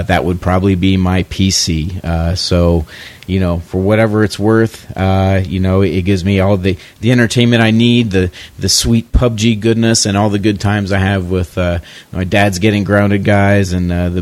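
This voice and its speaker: A man with a fairly low voice leaves a casual, joking call-in message. He is full of fillers and mock-firm opinions. The sound is very dry and close. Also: flat delivery, normal speed, no echo. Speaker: podcast caller.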